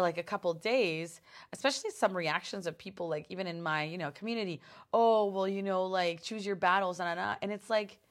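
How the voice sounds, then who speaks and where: A woman hosting her own podcast, telling a personal story in a casual, animated way, with lots of swearing, fillers and restarts. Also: lowish voice. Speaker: podcast host.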